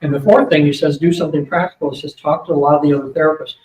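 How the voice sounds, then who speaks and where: An older man speaking at a psychic fair, telling a long rambling story to an audience, with many fillers and quick asides. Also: fairly high pitch, steady tone, a little mellow. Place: hotel event room. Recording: roomy, distant mic with faint hum.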